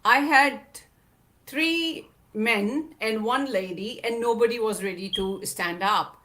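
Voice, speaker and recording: Slow, bright-voiced woman telling her story. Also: a little high. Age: adult mother of a young child. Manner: earnest, emphatic, repeats phrases. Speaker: guest speaker. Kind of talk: personal storytelling talk.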